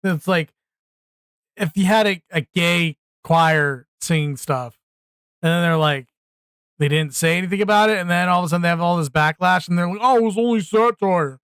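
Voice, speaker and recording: A man's voice: on the high side, moderate pace, a bit bright, clean tone, no echo. A man hosting a live reaction stream, talking bluntly and exclaiming, often repeating himself when worked up. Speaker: streamer host.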